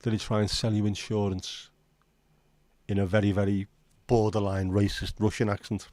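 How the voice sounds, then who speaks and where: A man's voice: on the low side, little pitch movement, moderate pace, darkish tone, no echo. A man with a Liverpool accent hosting a casual livestream chat, rambling and sweary as he banters with viewers. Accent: Scouse. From Liverpool, England. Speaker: livestream host.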